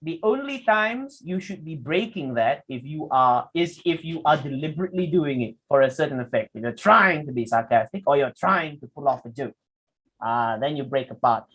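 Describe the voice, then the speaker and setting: A young man, teaching a public speaking workshop in an animated way. He asks the audience questions and acts out quick examples. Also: a little high, husky, poor audio. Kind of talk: lecture presentation with slides.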